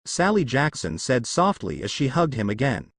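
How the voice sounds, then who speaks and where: A man reading a fan fiction story aloud in an even, matter-of-fact way. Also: mid-range voice, normal speed, dry recording, studio quality. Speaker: narrator.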